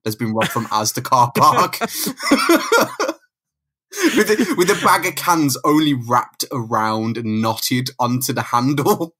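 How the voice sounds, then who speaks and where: A man chatting with a friend on a podcast, full of jokes and quick laughs. His voice sits at an ordinary middle pitch for a man. He keeps an easy, conversational manner throughout. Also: big pitch swings, pushed and bright. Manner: chatty, jokey, laughs a lot. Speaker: podcast co-host. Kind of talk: casual chat about comics.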